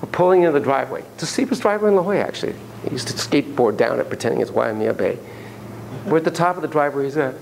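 A man lecturing a class, telling stories in an animated, playful way and acting out sound effects. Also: mid-range voice, very fast, vocal fry, slight background noise, low-quality recording.

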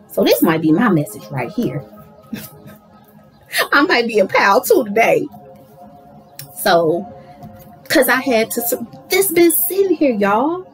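Animated woman doing a spiritual card reading. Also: high voice, poor audio. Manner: animated, talks to viewers as y'all, affirming. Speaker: tarot card reader.

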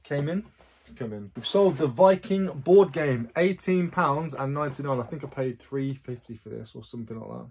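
A man's voice: mid-range voice, moderate pace, vocal fry, few pauses, darkish tone, husky. A man, chatting casually in a rambling vlog about his resale sales and his past. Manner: chatty, rambling, self-correcting asides. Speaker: online reseller.

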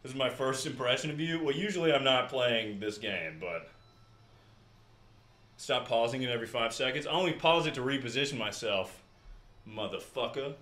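A man's voice: mid-range voice, normal speed, fairly bright tone. A young man streaming a game live, chatting casually and swearing freely as he talks to his chat between rounds. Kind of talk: casual livestream chat while playing. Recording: roomy echo.

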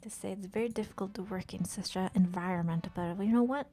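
Streaming a game, a woman chats casually, swears freely, talks to the characters, and often drops to a whisper. Her mid-range voice is dark in tone and moves fast.

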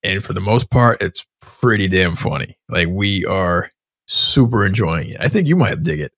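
A man's voice: sits low, animated, normal speed, fairly bright tone, no echo, clean studio sound. A man in his thirties co-hosting a podcast in casual chat, rambling and swearing freely as he reviews shows. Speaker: podcast co-host.

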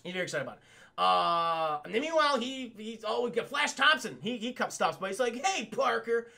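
A man recapping a cartoon episode for a live chat in a casual, profane, excitable way, laughing often. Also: high voice, brisk, gravelly. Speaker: cartoon reviewer streaming to chat.

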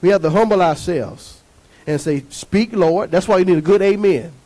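A man preaching a sermon as pastor, emphatic and lively, asking the congregation to answer back. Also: sits high, fairly quick, rough recording.

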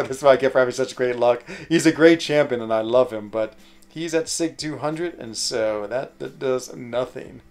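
Excitable man streaming a mobile game. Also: mid-range voice, moderate pace. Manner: excitable, whoops and laughs over lucky pulls. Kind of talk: live stream game commentary.

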